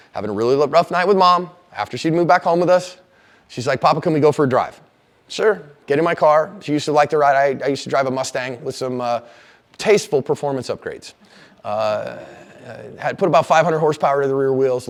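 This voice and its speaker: A middle-aged man teaching a self-defense class, telling stories and acting out the lines of the people in them. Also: medium pitch. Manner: animated storyteller, acting out quoted lines loudly.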